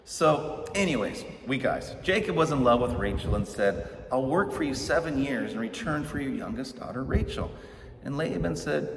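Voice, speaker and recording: A man's voice: medium pitch, lively intonation, moderate pace, gravelly. A middle-aged man preaching a casual, joking sermon, telling the story conversationally and acting out the characters' lines. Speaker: pastor. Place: church sanctuary. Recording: echoey hall, distant mic, background noise.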